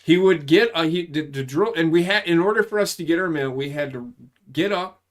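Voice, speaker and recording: A man's voice: on the high side, fairly quick. A man in his forties, an army veteran, telling service stories in a casual chat, swearing often and rambling through his tales. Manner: profane, rambling, animated when telling stories.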